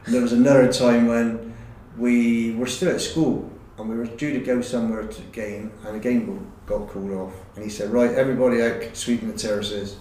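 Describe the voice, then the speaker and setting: A man's voice: medium pitch, fairly even intonation, mellow, a little hiss or hum. Middle-aged guy rambling thru old football stories, lots of ums, echoey room. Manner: rambling, halting reminiscence with many fillers. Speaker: former footballer guest. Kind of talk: casual interview chat. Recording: roomy, distant recording.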